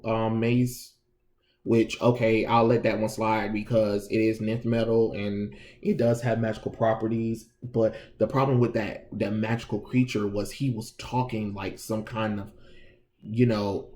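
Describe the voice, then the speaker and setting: A man ranting through a casual comic book review, sarcastic and fed up, with plenty of slang and stop-start restarts. His voice sits mid-range and sounds mellow and relaxed rather than bright. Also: mid-range voice. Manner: exasperated, sarcastic, talks in loose restarts.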